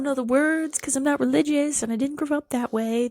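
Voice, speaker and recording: A woman's voice: high-pitched, brisk, hardly any pauses, a little mellow, no room sound, clean studio sound. A young woman talking to camera in a casual, rambling monologue, swearing often and poking fun at herself. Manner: profane, rambling, self-mocking. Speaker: vlogger.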